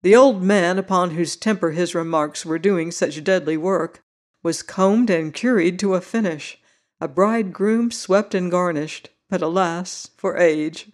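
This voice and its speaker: Audiobook narrator, classic novel, measured reading, middle pitch.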